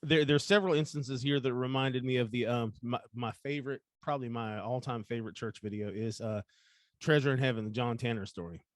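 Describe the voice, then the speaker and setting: A man's voice: medium pitch, fairly quick, no echo, studio quality. A man co-hosting a casual scripture discussion podcast, speaking earnestly and often restarting his sentences. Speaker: podcast co-host.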